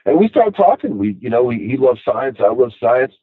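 Speaking at a moderate pace in a medium-pitched, sing-song voice, a middle-aged man from Long Island, New York, rambles casually in his local accent. He leans on "you know" often; the audio is dry, with no room sound, and tinny like a phone.

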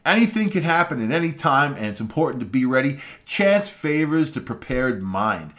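A man's voice: medium pitch, very animated, normal speed, fairly bright tone. Male talk radio host, mid-range voice, folksy opinionated daily commentary. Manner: loose, folksy, says "man" a lot.

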